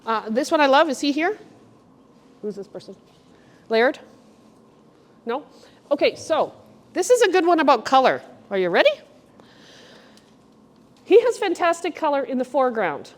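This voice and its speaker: A middle-aged woman curator giving a chatty, animated walk-through talk to a group in an art gallery. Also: sits high, normal speed, long pauses. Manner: chatty, animated storyteller, addresses the group directly. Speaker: guest curator. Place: art gallery exhibition room.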